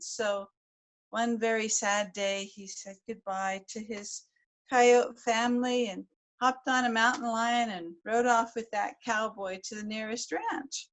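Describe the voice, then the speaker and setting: A woman's voice: fairly high pitch, a bit bright. A woman from the United States telling a folk tale to a live audience in a folksy, rambling way, repeating words as she goes. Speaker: storyteller. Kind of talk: live oral storytelling.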